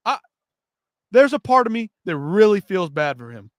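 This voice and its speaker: High-pitched guy ranting and cussing on a live fight news stream, super dry sound. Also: big pitch swings, normal speed, dry recording. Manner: ranting, profane, heated. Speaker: MMA news show host.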